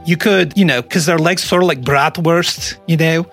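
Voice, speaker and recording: A man hosting a podcast in casual comedic chat, a joking storyteller with quick asides. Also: a little high, a bit bright, faint music behind. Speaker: podcast host.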